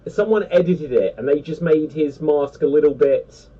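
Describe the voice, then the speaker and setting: Casting note: animated, rambling man on a geek panel, slightly high voice, dull and distant recording. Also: normal speed. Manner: rambling, animated, many fillers. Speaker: panelist on a geek pop-culture show. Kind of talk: casual chat.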